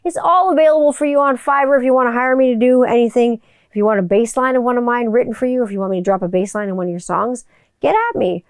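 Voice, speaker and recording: A woman hosts her own solo podcast, talking casually and candidly, swearing freely and circling back through rambling restarts. Her slightly high voice moves fast and sounds clean, recorded dry on a studio microphone with studio quality.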